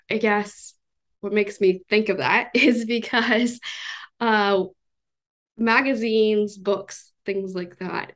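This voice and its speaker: A woman's voice: mid-range voice, gravelly. A woman hosting a podcast interview, talking thoughtfully in a casual way with fillers and small laughs. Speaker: podcast host.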